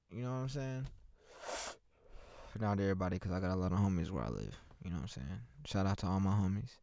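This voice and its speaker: A man's voice: lowish voice, smooth, no room sound, clean studio sound. A young man from Oklahoma talking alone into a microphone in his parked car, loose, profane and rambling as host of a solo chat. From Oklahoma, USA. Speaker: podcast host. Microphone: microphone with headphones.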